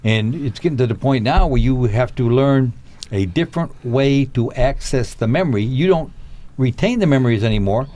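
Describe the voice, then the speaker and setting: A man's voice: medium pitch, animated, moderate pace, dark tone. A man hosting a casual talk show, laughing often and turning reflective. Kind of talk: casual comedic chat.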